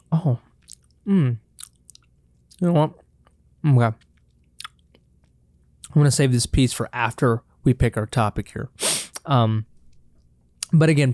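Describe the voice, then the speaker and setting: The host of a casual solo podcast chats loosely and throws in joking swears as he munches chocolate on the mic. His voice is medium-pitched, creaky and a little mellow, captured at studio quality with no echo.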